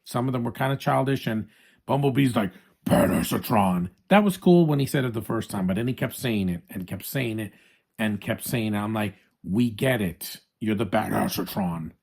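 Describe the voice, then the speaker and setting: A man's voice: mid-range voice, brisk, vocal fry, darkish tone. A man giving a casual, opinionated movie review, talking straight to his viewers with frequent restarts.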